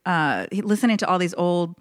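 A woman's voice: fairly low pitch, expressive, normal speed, dry recording, studio quality. A woman musician, a guest chatting casually and giggling often. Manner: giggly, playful. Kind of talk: casual chat.

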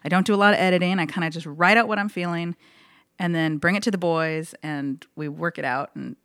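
A woman's voice: lowish voice, brisk, a bit bright, no echo, clean studio sound. A woman musician, a guest chatting casually and giggling often. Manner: giggly, playful. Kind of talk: casual chat.

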